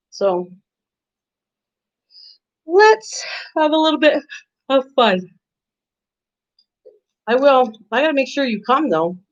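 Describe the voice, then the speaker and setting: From her home kitchen, an older woman hosts a casual live stream, chatting with viewers by name and laughing often. Her voice is a bit high-pitched, and the stream audio sounds muffled.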